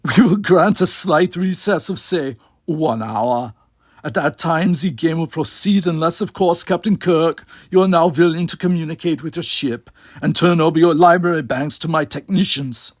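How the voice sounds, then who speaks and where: A man reading aloud and voicing a jovial, mocking male dictator in a storybook reading, slow and loud. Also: fairly high pitch, no room sound, studio quality, voice pushed up, close to an everyday voice.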